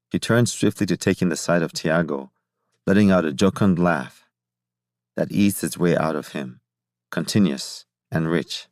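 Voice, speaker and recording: In clean studio sound with no echo, a man with a very deep voice narrates a science fiction audiobook. His scripted delivery is measured and even.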